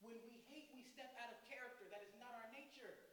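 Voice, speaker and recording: Male guest preacher, animated storyteller, bright tone, big echoey sanctuary with faint hiss. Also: extremely high pitch, fairly quick. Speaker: guest speaker. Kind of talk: sermon. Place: church sanctuary.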